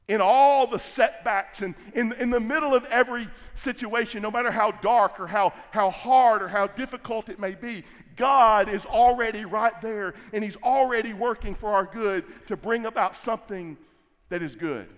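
A middle-aged male pastor preaching a sermon, emphatic and repetitive, stretching key words for stress. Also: sits high. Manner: emphatic, repeats phrases, drawn-out stresses. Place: large church hall. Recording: long hall reverb.

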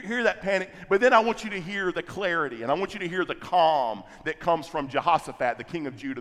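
A man's voice: a little high, fairly bright tone, in a large hall. A man preaching a sermon, retelling scripture and building to fervent, emphatic repetition. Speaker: pastor.

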